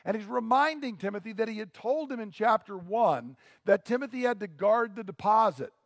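A man's voice: sits high, dry recording, studio quality, long reverb tail. A pastor preaching a sermon to his congregation, earnest and teaching, with rhetorical questions.

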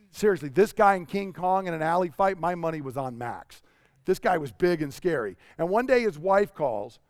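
A pastor delivers a sermon in a conversational, storytelling style, posing rhetorical questions to the congregation. His voice is fairly high-pitched, and the studio-quality recording has no room sound.

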